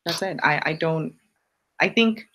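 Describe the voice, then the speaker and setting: Blunt, emphatic woman with a low voice. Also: unhurried, a bit bright. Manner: jumps up in pitch on punchy repeated lines. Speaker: live-stream host answering viewer questions. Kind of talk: casual motivational live stream.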